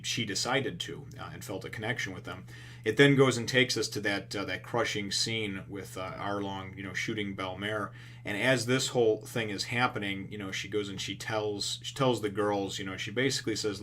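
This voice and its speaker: Rambling man with a bright, forceful voice. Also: on the low side, slight background noise. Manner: rambling, heavy on fillers and restarts; profane, relaxed retelling. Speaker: manga reviewer. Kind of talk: casual chapter review.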